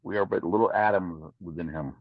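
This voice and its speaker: A man's voice: deep voice, a little fast, no echo. A man in a class, answering hesitantly and searching for words. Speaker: class participant. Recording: dry, dull lo-fi sound.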